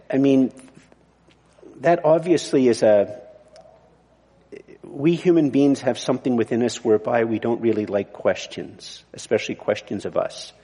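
A man's voice: mid-range voice, moderate pace, long pauses, warm tone, husky, in a large hall. A male pastor giving a sermon in a conversational, digressive way, often restarting his sentences. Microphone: mic on the body.

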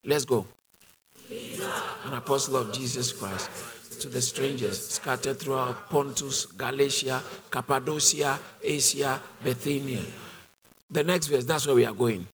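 A man's voice: medium pitch, unhurried, crowd noise. A man with a British accent teaching a sermon, driving his points home through repetition and call-and-response questions to the congregation. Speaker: Bible teacher.

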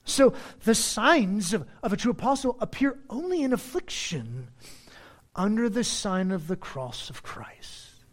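A man preaching from the pulpit, his pitch leaping up and down as he drives points home. He moves between loud, emphatic lines and sudden soft asides, in the manner of a pastor teaching verse by verse. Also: sing-song, unhurried. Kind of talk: expository sermon.

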